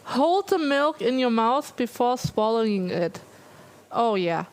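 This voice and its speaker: A woman's voice: fairly high pitch, very animated, measured pace, rough recording. A woman streamer chatting casually on a live stream, talking through a burning, aching mouth that slurs her words. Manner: pained, slurred talk from a burning mouth. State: mouth in pain from spicy food.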